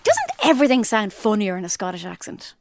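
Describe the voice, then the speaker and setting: A woman's voice: medium pitch, huge pitch swings, a little fast, noisy background. A woman co-hosting a podcast in casual chat, teasing her co-host and steering the topic.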